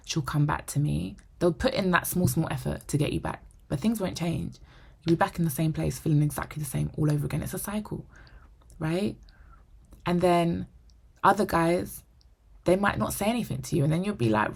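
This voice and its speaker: Gravelly woman giving earnest advice. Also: lowish voice, normal speed. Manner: earnest, pleading, keeps asking "right?". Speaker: vlogger. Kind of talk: heartfelt advice talk to camera.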